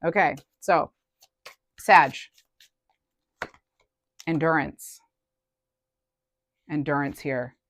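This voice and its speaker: A woman's voice: low voice, very slow, pauses often, a bit bright. A woman giving a casual collective tarot reading, chatty and thinking aloud, often trailing off and restarting. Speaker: tarot reader.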